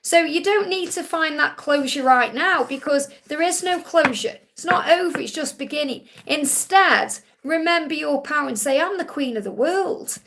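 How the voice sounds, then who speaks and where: A woman's voice: high-pitched, moderate pace, few pauses, a bit bright. A woman hosting a live Q&A, giving spiritual readings in a soothing, reassuring way. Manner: soothing, reassuring, repeats phrases. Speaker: psychic reader hosting a live Q&A.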